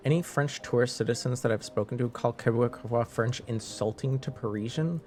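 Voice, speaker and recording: A man's voice: mid-range voice, fairly quick, hardly any pauses, a little mellow, faint music behind. A man chatting casually with viewers on a live stream, rambling, laughing and restarting his sentences.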